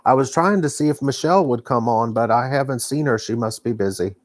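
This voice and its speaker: A man's voice: mid-range voice, fairly quick, no room sound. A man with a Texan accent chatting casually on a live stream from his home, folksy and rambling with lots of fillers. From Texas. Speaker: knitting vlogger. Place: home living room.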